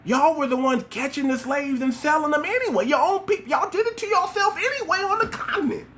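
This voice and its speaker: A man's voice: very high voice, animated, fairly quick, fairly bright tone. A man hosting a livestream, talking straight to his viewers in a mocking, rhetorical and preachy way. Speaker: livestream host.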